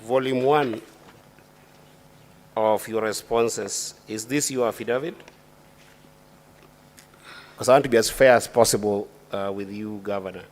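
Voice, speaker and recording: A man, a senator questioning a witness at a formal impeachment hearing. He speaks deliberately and legalistically, often restarting his sentences. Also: lowish voice, fairly even intonation.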